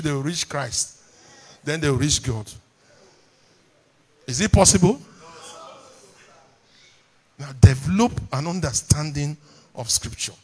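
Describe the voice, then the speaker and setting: A man with a Nigerian English accent, preaching a sermon from a church pulpit, calling on the congregation to repeat lines back to him. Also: on the high side. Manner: call-and-response preaching, repeats lines for emphasis. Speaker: pastor. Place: church hall.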